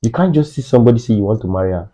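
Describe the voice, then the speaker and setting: A man's voice: on the low side, animated, very fast, warm tone, poor audio. A man with a Nigerian accent talking emphatically in a casual podcast chat, often slipping into Pidgin.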